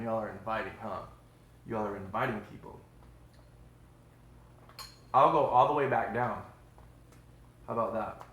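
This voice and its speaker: An upbeat, chatty man, hosting a casual live stream from his home kitchen. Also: lowish voice. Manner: upbeat, chatty, says "y'all" a lot. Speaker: livestream host. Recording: roomy echo.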